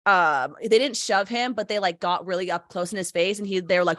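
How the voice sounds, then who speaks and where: A woman's voice: lowish voice, brisk, fairly bright tone, no echo. Chatty woman podcast host, dry sound. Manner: chatty, swears, acts out quotes. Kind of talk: casual podcast chat.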